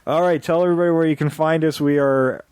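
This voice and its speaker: A man co-hosting a podcast in relaxed, casual chat, laughing often and reading out show plugs. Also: on the high side, quick pace, smooth, no room sound, clean studio sound. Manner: easygoing, laughs often, fillers and restarts. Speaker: podcast co-host.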